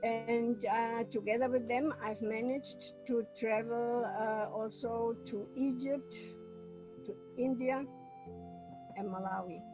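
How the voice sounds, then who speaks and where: A woman's voice: fairly high pitch, steady tone, slow, muffled recording, over music. Hesitant non-native woman on a video call. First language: not English. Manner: hesitant, apologetic, with many restarts. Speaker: guest speaker. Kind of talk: online talk.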